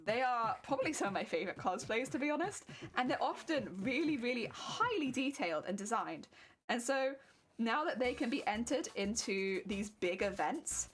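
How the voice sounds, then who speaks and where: A woman's voice: fairly high pitch, lively intonation, moderate pace, slight background noise. A young woman, chatting casually and laughing often as she talks to viewers on her craft live stream.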